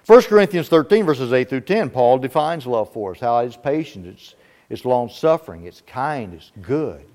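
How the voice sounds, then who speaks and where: A man's voice: mid-range voice, expressive, normal speed, darkish tone. A man preaching a sermon, asking rhetorical questions with emphatic delivery.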